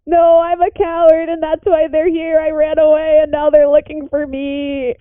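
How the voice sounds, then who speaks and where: A woman's voice: sits high, monotone, no echo, voice pushed up, natural voice. A woman as a tearful alien kid. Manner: shaky, halting speech. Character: tearful young alien kid, scared and guilty. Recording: tinny phone-like call audio.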